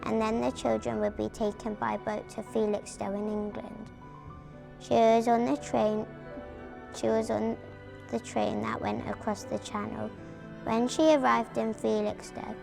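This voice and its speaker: Gravelly, flat-voiced woman reading aloud. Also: on the high side. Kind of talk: reading a prepared family account at a memorial event. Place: community arts venue.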